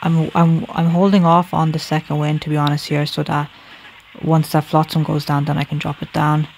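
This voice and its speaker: A man commentating a video game live, his voice gravelly with fry. He speaks in a fairly flat, even tone while thinking aloud and correcting himself as he plays. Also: fairly high pitch, normal speed, slight background noise. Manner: thinks aloud, self-correcting, addresses viewers as guys. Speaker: gameplay commentator.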